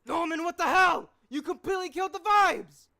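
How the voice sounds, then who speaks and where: An exasperated young office guy, voiced by a man for a cartoon short, shrieking high and bright with a gravelly crack in the voice. The pitch swoops up and down as he yells. He sounds strained and outraged. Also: fairly quick, heavily acted. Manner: squeaky, strained yelling with voice cracks.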